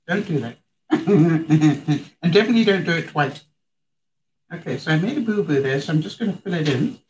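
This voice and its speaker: A woman's voice: sits low, a little mellow, slight background noise, poor audio. A chatty middle-aged woman from Canada cooking in her home kitchen during a live stream, talking to her viewers and laughing often. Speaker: vlogger. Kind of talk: casual live cooking demonstration.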